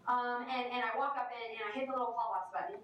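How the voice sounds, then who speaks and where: A young woman giving a storytelling keynote speech, lively and full of "like", acting out the people she quotes. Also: fairly high pitch, quick pace, distant mic, lo-fi sound. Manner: lively, peppered with "like", acts out quoted voices. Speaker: keynote speaker. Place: large conference hall. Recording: echoey hall recorded from afar, noisy.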